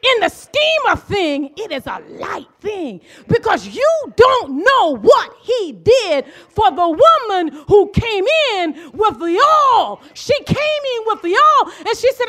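A middle-aged woman preaching with fervor, her very high voice leaping up and down in pitch. She drops to quiet asides, then rises into shouted declarations to her congregation. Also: very animated, slow. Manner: impassioned, swings from hushed to shouting. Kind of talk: sermon.

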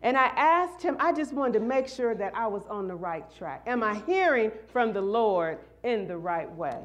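A middle-aged woman preaching a sermon, calling out to the congregation and building to shouted refrains. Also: on the high side, animated, moderate pace, highs cut off. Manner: call-and-response, rising to shouts.

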